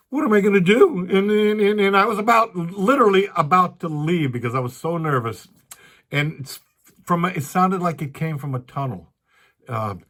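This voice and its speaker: An older man tells stories of his stand-up days to a room of listeners. He is chatty and animated, and he acts out the people he quotes. His voice sits at an ordinary middle pitch for a man. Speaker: comedian telling stories. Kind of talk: storytelling talk to a live audience. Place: library event room.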